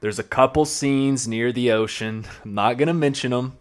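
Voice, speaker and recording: A man's voice: mid-range voice, normal speed. A young man hosting a podcast, easygoing and self-mocking in casual chat. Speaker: podcast host.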